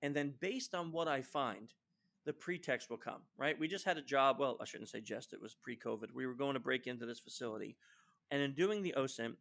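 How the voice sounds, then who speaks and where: Man telling a lively work story. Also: medium pitch, fairly quick, gravelly. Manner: animated storyteller who acts out quoted lines; frequent fillers and restarts. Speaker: guest social engineer. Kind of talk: storytelling in a podcast interview.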